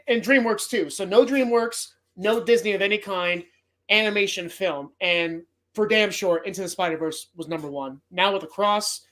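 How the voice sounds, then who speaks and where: A man's voice: sits high, a bit bright. A man hosting a movie podcast, talking casually in a rambling, heartfelt way and swearing often. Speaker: podcast host.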